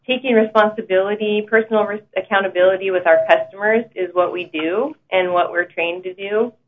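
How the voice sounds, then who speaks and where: Woman manager, a bit low-pitched, measured board-meeting remarks, phone-line audio. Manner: steady, with frequent ums. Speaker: customer service manager.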